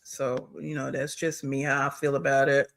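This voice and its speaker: A man's voice: medium pitch, flat delivery, normal speed, vocal fry, fairly bright tone. A man hosting a reaction video, giving blunt, scornful commentary on a clip he is watching.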